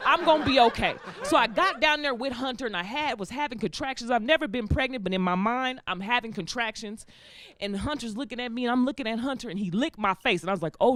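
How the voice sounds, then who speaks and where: A young woman doing a stand-up comedy set, telling stories in an animated, laughing way and slipping into voices, on a stage with a live audience. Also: a little high. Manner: animated, laughing storytelling that slips into character voices.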